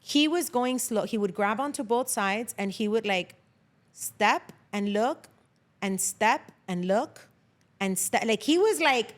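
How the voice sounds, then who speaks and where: A woman guest on a podcast, telling lively stories in casual chat, acting out what people said and swearing freely. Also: on the high side, takes it slowly.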